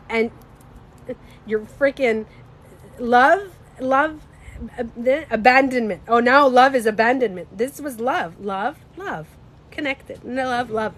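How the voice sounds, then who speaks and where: A woman with a slightly stuffy nose, chatting casually on a livestream. She talks in an animated, emphatic way, swears freely and speaks to her viewers. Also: on the high side. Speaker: livestreamer and beauty coach.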